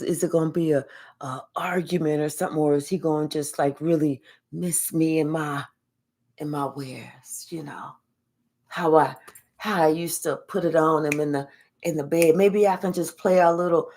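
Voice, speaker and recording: A woman's voice: deep voice, voice pushed down. Woman playing a wistful, jealous ex-girlfriend. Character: jealous, regretful ex-girlfriend scheming to win him back.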